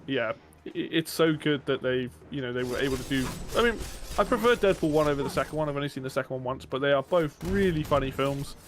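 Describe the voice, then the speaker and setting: A man's voice: mid-range voice, fast talker. A man streaming a game and chatting casually, rambling with enthusiasm and casual swearing. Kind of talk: casual chat while gaming.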